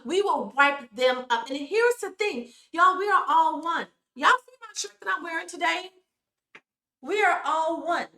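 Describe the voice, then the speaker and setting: A woman's voice: very high-pitched, lively intonation, moderate pace, hardly any pauses, sharp tone, echoey room. A woman hosting her own commentary vlog, talking to her viewers in a preachy, emphatic way and calling them "y'all". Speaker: YouTube commentary host.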